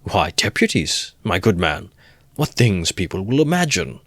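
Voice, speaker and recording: A man's voice: sits low, big pitch swings, measured pace, a bit bright, no room sound, studio quality, exaggerated voice. A man voicing a sly middle-aged male magistrate who mocks and gloats. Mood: mocking. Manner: sly, mocking, playful.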